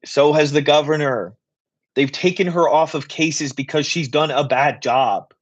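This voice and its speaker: A man hosting a live Q and A stream, talking in a passionate, rapid, rambling way. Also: on the high side, lo-fi sound. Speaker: political writer and activist host.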